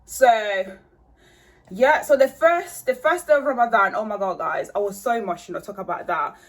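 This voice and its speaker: A woman's voice: medium pitch, lively intonation, normal speed. Woman vlogger, casual and rambling, handheld phone sound. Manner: rambling, chatty, many fillers. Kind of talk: casual chat to camera.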